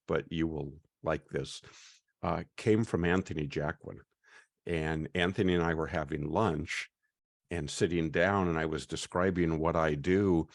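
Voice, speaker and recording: A man's voice: deep voice, vocal fry, dry recording, clean studio sound. A man hosting an online class over a video call, chatty and welcoming. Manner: chatty, welcoming, often pauses with "uh".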